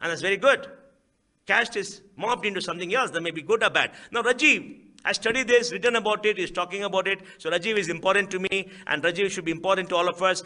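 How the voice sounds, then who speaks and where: A man's voice: high voice, bright, forceful tone. A middle-aged man with an Indian English accent, giving an emphatic public speech in a lecture hall, full of rhetorical questions and repeated phrases. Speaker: guest speaker.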